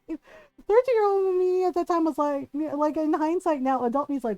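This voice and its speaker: A woman's voice: high-pitched, animated, normal speed, warm tone, dry recording, lo-fi sound, faint music behind. A woman streamer chatting candidly with her viewers, swearing freely, often laughing mid-sentence and tagging her sentences with "right?". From Filipino family background. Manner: candid and profane, tags lines with "right?". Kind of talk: casual chat with stream viewers while gaming.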